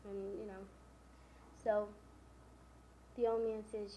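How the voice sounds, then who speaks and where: A woman with a medium-pitched, fairly even voice slowly and casually recounts a novel's plot, linking events with "and then" and "you know." The lo-fi recording is dull with faint hiss.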